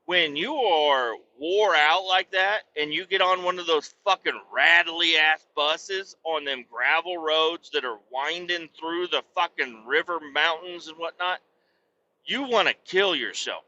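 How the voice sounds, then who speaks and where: A man's voice: fairly high pitch, sharp tone, dull audio. A man hosting a podcast and telling a rowdy, profane, rambling comic story. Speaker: podcast host.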